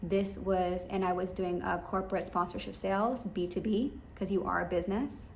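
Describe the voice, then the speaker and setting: A woman's voice: mid-range voice, steady tone, normal speed, creaky. A woman giving rambling, emphatic business advice straight to her listeners. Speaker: business coach. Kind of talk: advice monologue. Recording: echoey room with faint ambient noise.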